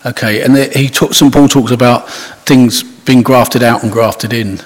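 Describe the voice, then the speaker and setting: A man with a mid-range, steady voice talks at a normal speed, delivering an informal, conversational sermon. He's a preacher who rambles, restarting sentences and adding asides. His voice sounds husky, with long hall reverb around it.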